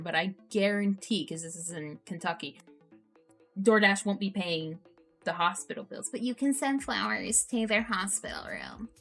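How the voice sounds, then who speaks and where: A woman streamer reacting to posts and telling stories in an animated, profane, ranting way. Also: medium pitch, normal speed, gravelly, soft background music. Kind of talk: casual storytelling stream.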